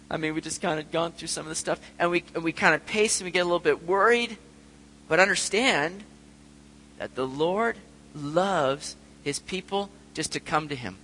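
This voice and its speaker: Earnest man preaching with a bright voice. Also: sits high, brisk, in a large hall, rough recording. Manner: earnest, acts out quoted prayers and voices. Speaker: pastor. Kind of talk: sermon.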